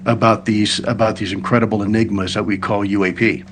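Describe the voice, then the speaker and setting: A man speaking as a guest in a TV news interview, measured and formal. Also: lowish voice, flat delivery, a little hiss or hum.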